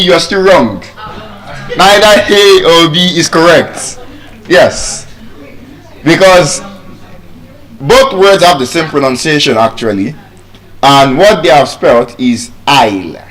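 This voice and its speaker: A man with a Nigerian English accent giving a live pronunciation lesson to an audience, repeating each word slowly to drill it. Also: a little high, fairly bright tone. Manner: deliberate, drills words by repeating them slowly. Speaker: pronunciation teacher. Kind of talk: live public speaking lesson.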